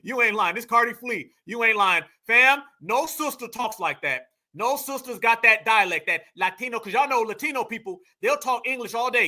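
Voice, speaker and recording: A man hosting a live stream, reacting to a clip with loud, mocking, dismissive commentary and lots of repetition. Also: very high voice, lively intonation, moderate pace, few pauses. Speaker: livestream host.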